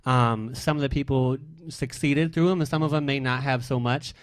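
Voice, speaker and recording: A man's voice: mid-range voice, normal speed, no echo. Chatty male radio host, dry close sound. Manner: expressive, emotional, rambling questions. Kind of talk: casual interview.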